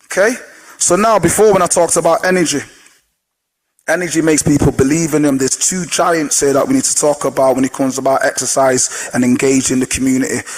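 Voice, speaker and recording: A man who trains older people, giving an energetic motivational talk to a live audience, telling stories and putting questions to the crowd. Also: mid-range voice, fairly quick, low-quality recording. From Jamaican heritage. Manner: energetic storyteller, asks the audience questions, sings snatches of songs.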